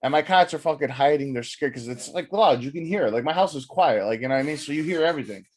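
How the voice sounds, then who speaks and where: A young man rambling through a story on his podcast, swearing freely. He is animated and slips into acting out what people said along the way. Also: a little high, quick pace. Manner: rambling, profane, animated, acts out quotes. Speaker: podcast host. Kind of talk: casual storytelling monologue.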